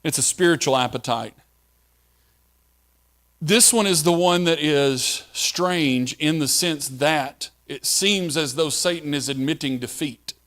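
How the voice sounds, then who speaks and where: A man's voice: a little high, a little slow, a bit bright. A male pastor preaching a sermon in a conversational way, asking the listeners questions.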